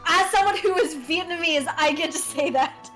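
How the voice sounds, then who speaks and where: A woman's voice: extremely high pitch, moderate pace, a bit bright, faint music behind. A woman guest on a game stream, chatting casually in a blunt, teasing way and swearing freely. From United States. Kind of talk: casual chat while gaming.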